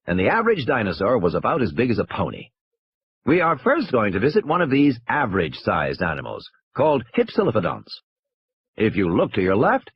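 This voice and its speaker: A man's voice: mid-range voice, husky, exaggerated voice. A man voicing a grand male announcer on a park tour recording, sonorous and showy. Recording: dull lo-fi recording.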